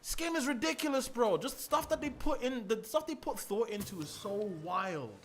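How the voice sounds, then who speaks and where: A young man does casual gaming commentary. His voice is a little high and swings widely in pitch as he jokes and rants. There is a faint hum of ambience behind him. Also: moderate pace. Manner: animated, swearing, playful rants. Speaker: gaming streamer.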